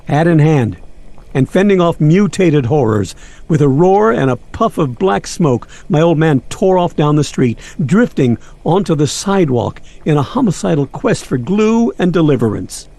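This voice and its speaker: Gravelly man with wry narration. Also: a little high, big pitch swings, moderate pace, warm tone. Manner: wry, florid storytelling. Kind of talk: nostalgic storybook narration.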